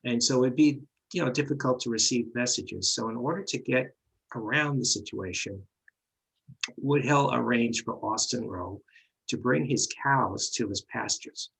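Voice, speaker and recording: A man's voice: medium pitch, moderate pace, gravelly, a bit bright, breathy edge, rough recording. A man with a New York accent, co-hosting a livestream and reading history aloud with hesitant fillers. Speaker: co-host.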